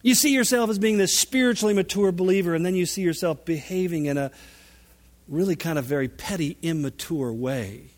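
High-voiced preacher in an echoing hall. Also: male voice, a little fast. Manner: animated, emphatic, dramatic shifts in volume. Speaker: pastor. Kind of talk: sermon. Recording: long reverb of a large hall.

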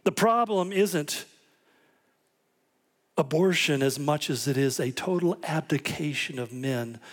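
Guy preaching a sermon, kinda high voice, animated storyteller. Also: unhurried. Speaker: pastor.

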